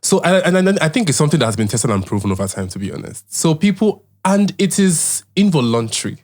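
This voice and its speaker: A man from Nigeria co-hosting a casual chat show, animated and playful with jokey asides. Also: fairly high pitch, fast talker. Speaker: co-host.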